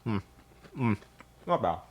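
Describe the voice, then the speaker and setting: A man's voice: fairly low pitch, very animated, takes it slowly, lo-fi sound. A man streaming live from a home kitchen, winded and tired. He rambles to his viewers and swears often. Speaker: livestreamer. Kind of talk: casual live-stream chat.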